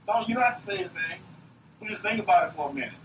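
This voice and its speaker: A man preaching a sermon to a room, emphatic and repetitive, swinging up and down in pitch. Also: animated, rapid-fire, a bit bright. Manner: emphatic, repeats himself, rises and drops in pitch. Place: meeting room. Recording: roomy, distant, dull lo-fi recording with faint hiss.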